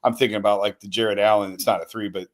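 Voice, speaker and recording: A man's voice: lowish voice, steady tone, very fast. A man who writes about sports, talking in an easygoing way as a guest on a talk show. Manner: easygoing, hedging with fillers.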